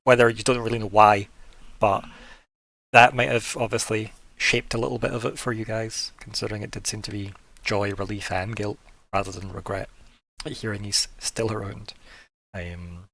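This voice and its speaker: A man narrating as game master in a casual, relaxed way, laughing often and filling his talk with "like". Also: lowish voice, normal speed.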